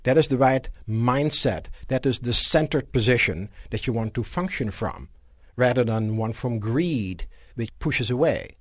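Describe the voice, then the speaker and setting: A man giving a live motivational seminar lecture to an audience in a room, animated and asking rhetorical questions. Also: medium pitch, measured pace, no room sound, studio quality. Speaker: seminar speaker.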